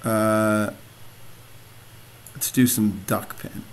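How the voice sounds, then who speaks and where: A man's voice: fairly low pitch, fairly even intonation, extremely slow, smooth. A young man commenting on his own gameplay, frustrated and self-mocking. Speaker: gamer. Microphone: desk mic. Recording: noisy home mic with clicks.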